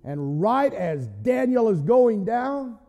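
A male pastor preaching a sermon in an animated way, often shouting. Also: high-pitched, slow, long reverb tail, dull audio.

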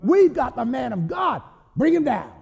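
A man voicing a hungry male lion gloating over its prey, in a booming, gleeful way, during a sermon. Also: very animated, moderate pace, vocal fry, darkish tone, breathy edge, raised voice, long reverb tail, exaggerated voice.

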